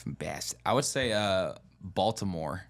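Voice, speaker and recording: A man's voice: low voice, lively intonation, slow pace. A man co-hosting a casual podcast, laid-back, mostly giving short agreeing replies. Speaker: podcast co-host. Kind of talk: casual chat over beers.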